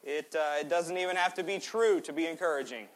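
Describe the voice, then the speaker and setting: A man in his twenties preaching a sermon in a church, swinging between loud exhortation and quiet, joking asides. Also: fairly high pitch, a little fast. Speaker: pastor. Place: church sanctuary.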